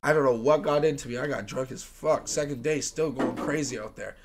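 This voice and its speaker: A man's voice: mid-range voice, brisk. A man, a music producer, telling a rowdy story in a casual podcast chat, laughing and swearing as he goes. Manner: animated, profane, laughing storyteller.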